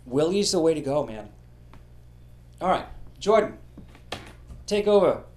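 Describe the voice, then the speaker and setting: A man's voice: a little high, very animated, unhurried, a little mellow. A man hosting a podcast, telling comedic history stories with a profane, joking delivery. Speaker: podcast host.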